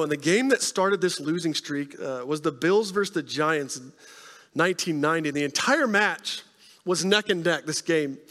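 A man preaching a sermon in a conversational way, often checking in with the congregation with quick questions. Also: a little high, fairly bright tone, big-room sound. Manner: conversational preaching, frequent "right?" tag questions. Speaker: pastor.

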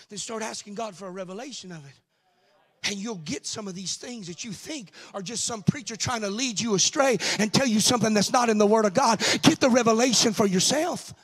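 A man with a Cajun accent preaching a sermon, moving from quiet asides up to shouted, sing-song lines. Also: sits high, fairly quick, slightly rough.

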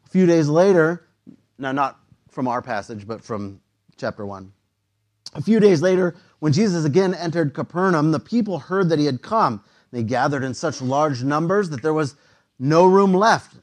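A man's voice: on the high side, animated, moderate pace. A man preaching a sermon in a casual, conversational way, using slang and often repeating words.

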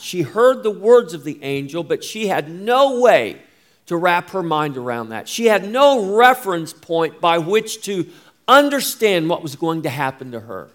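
Pastor, male, slightly high voice, unhurried emphatic sermon delivery. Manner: slow, emphatic preaching with rising and falling delivery.

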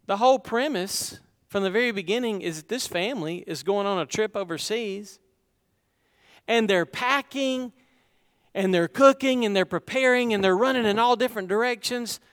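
Pastor preaching in a reverberant hall. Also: male voice, sits high, moderate pace, fairly bright tone, clear, resonant tone. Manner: conversational preaching, rhetorical questions to the congregation. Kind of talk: sermon.

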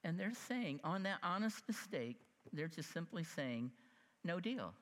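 A preacher in his fifties with a fairly high voice tells a story from the pulpit, acting out each person in it and laughing at his own slips. His voice rings with the long reverb of a church hall. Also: moderate pace. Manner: animated, acts out quoted voices, laughs at himself. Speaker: pastor. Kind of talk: sermon storytelling. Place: church sanctuary.

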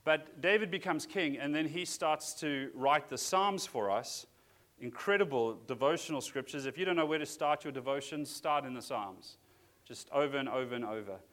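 A man's voice: mid-range voice, moderate pace, a bit bright. Earnest man preaching a sermon. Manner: earnest, conversational preaching with restarts. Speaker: pastor.

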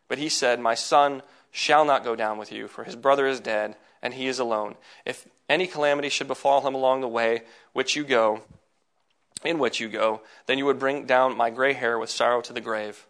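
A man reading scripture aloud in a measured, plain way, now and then adding a brief aside. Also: medium pitch, fairly bright tone. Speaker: scripture reader.

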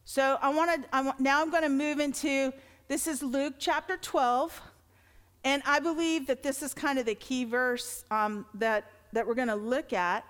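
A middle-aged woman pastor preaches a sermon in a high, steady voice at normal speed. Her manner is earnest and conversational, building into emphatic lines, and the recording carries the long reverb of a large hall.

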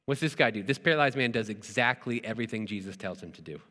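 A man delivers a sermon in a church, talking to the congregation in a conversational way. His voice is bright and forceful. It rings with a long reverb off the hall, and he keeps stopping to ask rhetorical questions. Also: fairly low pitch, animated, fast. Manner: earnest, conversational preaching with repeated words and rhetorical questions. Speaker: pastor.

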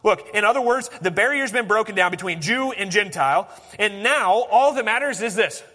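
A man preaching a sermon, swinging from animated emphasis to hushed, intense lines. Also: sits high, normal speed, long reverb tail. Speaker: pastor.

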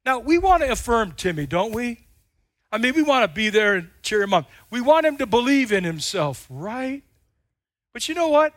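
A male pastor delivering a sermon in a high, bright-pitched voice. He leans on repetition and swings from forceful declarations to quiet, drawn-out asides. The sound is close and dry, with almost no room echo. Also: sing-song. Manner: dynamic, swings between loud and hushed, repetitive emphasis.

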